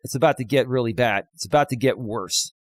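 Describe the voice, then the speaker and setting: A man talks fairly quickly in a medium pitch over a dry recording, delivering a combative livestream rant full of taunts and emphatic repetition.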